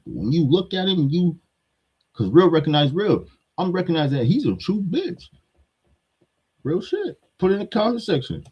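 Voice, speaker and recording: A man's voice: a little high, wildly swooping pitch, normal speed, husky, lo-fi sound. A man with a New York accent, giving a blunt, heated hip-hop commentary rant that repeats its points.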